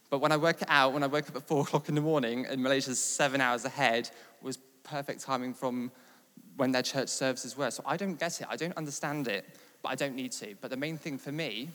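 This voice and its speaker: A man from England preaching and telling a testimony story, building from steady talk to loud, animated retelling. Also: medium pitch. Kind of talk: sermon testimony. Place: large church hall. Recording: long reverb of a large hall.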